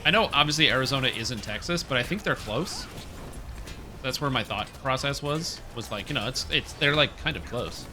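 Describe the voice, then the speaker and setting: A man live-streaming a raid game, chatting casually and rambling excitedly with teammates, now and then swearing. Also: medium pitch, brisk, noisy background.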